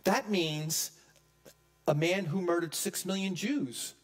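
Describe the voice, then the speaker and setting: A man preaching a sermon as pastor, emphatic, swinging from loud peaks to hushed low lines. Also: slow pace, soft background music. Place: church.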